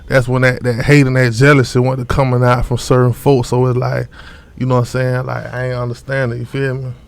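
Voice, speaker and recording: A young man from Orlando talks about his rap career in a loose, rambling way, full of street slang and "you know what I'm saying." His delivery stays flat and even, with little rise and fall. He speaks as a guest in a casual interview. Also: medium pitch, a little fast, creaky. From Orlando, Florida. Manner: loose, repetitive, street slang, frequent fillers. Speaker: rapper guest.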